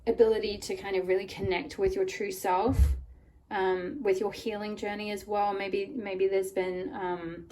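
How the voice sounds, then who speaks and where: Lady doing a tarot reading, bit croaky from a cold, lots of ums and likes, mic a little far off, faint hiss. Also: mid-range voice, flat delivery, normal speed, darkish tone. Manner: rambling, many "like" and "um" fillers. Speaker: tarot reader. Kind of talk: pick-a-card tarot reading.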